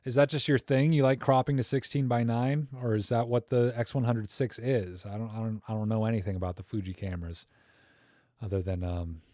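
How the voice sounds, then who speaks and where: On his live stream, a man reviews viewer photos with joking, rambling commentary, thinking out loud and using many fillers. His medium-pitched voice is steady, dark in tone and a little fast, captured in studio quality without echo.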